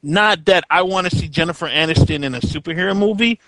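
A man's voice: fairly high pitch, fast, pushed and bright, no echo, rough recording. A man co-hosting a podcast in casual chat, rambling, swearing casually and laughing often. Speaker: podcast co-host. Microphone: podcast mic.

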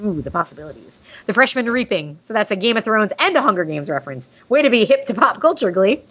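A female podcast host reads listener mail in a casual, gushing fan chat with jokey asides. Her voice is a little high, animated, quick, and a bit bright, over dull, lo-fi sound.

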